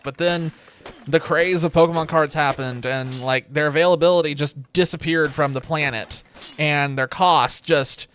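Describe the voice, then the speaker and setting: A man's voice: a little high, a bit bright, slight background noise. A young man streaming a game from home, rambling in casual commentary with wry, sarcastic asides. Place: home room with a webcam.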